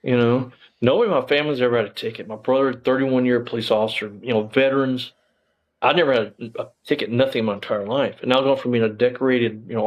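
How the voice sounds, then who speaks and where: A man's voice: medium pitch, low-quality recording. A man, a former police officer telling his story as an interview guest in a rambling way, full of restarts and fillers.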